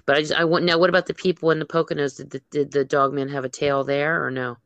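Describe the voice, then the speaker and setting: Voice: medium pitch, little pitch movement, fast, a bit bright, no echo, lo-fi sound. Chatty, musing host, dry close sound. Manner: chatty, musing, full of fillers. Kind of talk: casual conversation.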